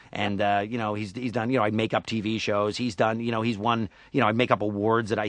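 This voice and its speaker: A man's voice: on the low side, level tone, a little fast, dry recording. Jokey middle-aged man, dry studio sound. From Syracuse, New York. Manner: jokey, slips into put-on voices and impressions. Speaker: voice actor guest. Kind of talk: casual interview chat.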